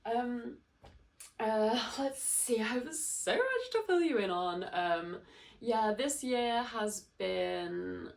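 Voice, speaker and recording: A woman's voice: on the high side, very animated, takes it slowly, vocal fry, recorded from a distance. A woman in her thirties hosting a casual podcast, sounding nasal and stuffy, chatting in a rambling way with lots of fillers. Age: 30s. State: nasal from hay fever. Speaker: podcast host. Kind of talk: casual chat.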